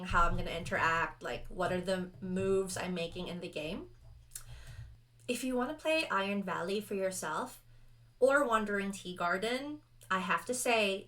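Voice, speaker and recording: A young adult woman chatting casually and rambling through rules as she sets up a solo tabletop roleplaying game, animated and self-deprecating. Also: mid-range voice. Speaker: solo roleplayer and video host. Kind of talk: casual actual-play chat.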